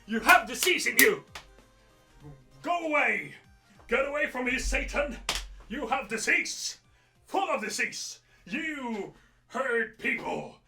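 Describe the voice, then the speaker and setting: Male reader voicing an entitled shrieking shopper woman, high and piercing, yelling nonstop. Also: expressive, takes it slowly, long pauses, roomy sound, recorded from a distance, soft background music, exaggerated voice. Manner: screeching, hysterical yelling.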